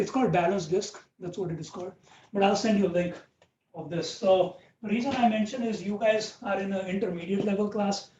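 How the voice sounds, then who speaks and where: A fitness instructor leads a live online class over a video call, cheering people on, counting reps and saying "okay" and "right" often. His voice sits high with a darkish tone, and the call audio is dull, roomy and distant with a faint hiss.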